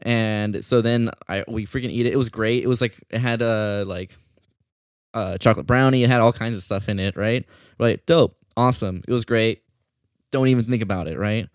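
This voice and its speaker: A man hosting a podcast, telling a story in a casual, animated way and swearing often. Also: fairly low pitch, moderate pace, smooth, no room sound, clean studio sound. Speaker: podcast host.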